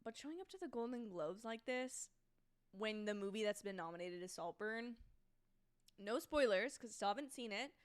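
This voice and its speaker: A woman's voice: medium pitch, animated, normal speed, clean tone. A young woman hosting a casual livestream from home, chatting in a self-deprecating way and often trailing off mid-thought. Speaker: livestream host. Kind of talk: casual live watch-along commentary.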